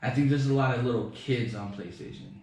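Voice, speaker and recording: A man's voice: medium pitch, fairly quick, darkish tone, far from the mic. A young man guesting on a podcast tells loose, rambling stories, swearing and making joking boasts. His voice is heard from a little off the mic in a very reverberant room. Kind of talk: casual chat.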